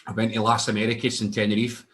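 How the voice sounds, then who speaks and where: Lively Scottish man telling a wild story. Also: lowish voice, fast. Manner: animated, swearing, acts out other voices in his anecdotes. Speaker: guest wrestler. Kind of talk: casual storytelling chat.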